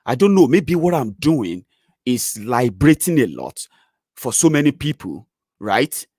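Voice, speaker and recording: Brief: Nigerian man, Yoruba accent, mid-pitched, lively chatty vlogger, dry close sound. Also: a little slow, slightly rough, no room sound. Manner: animated, chatty, many fillers, lively rising swings. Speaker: channel host. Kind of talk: casual commentary monologue.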